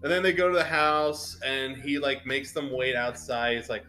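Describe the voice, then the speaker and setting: A man's voice: mid-range voice, fairly even intonation, moderate pace, sharp tone, soft background music. A man in his thirties co-hosting a casual movie review, retelling the plot with sarcasm and exasperation. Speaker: podcast co-host.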